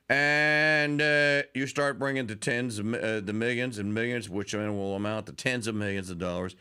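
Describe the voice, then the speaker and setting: A man with a medium-pitched, sharp-toned voice hosts a political talk radio show. He delivers a sarcastic, mocking monologue, sometimes mimicking politicians.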